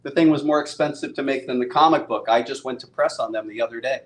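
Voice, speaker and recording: Talking fast in a medium-pitched voice, a man hosts a casual live-stream chat as a host and comic book publisher. He's upbeat and chatty and laughs a lot, with the studio set and its bar giving the recording an echoey sound.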